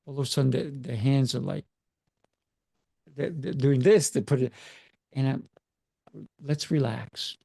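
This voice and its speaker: A man's voice: medium pitch, measured pace, gravelly, long pauses, warm tone, no echo, studio quality. A man who is a martial arts coach, chatting in an interview over a video call and driving his points home with emphatic rhetorical questions. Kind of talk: casual interview chat.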